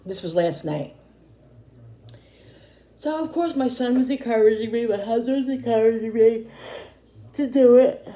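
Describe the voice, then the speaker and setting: A middle-aged woman vlogger chatting casually to camera, rambling and repeating herself, slightly hoarse and tired. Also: on the high side, expressive, unhurried, long pauses, warm tone. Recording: echoey room.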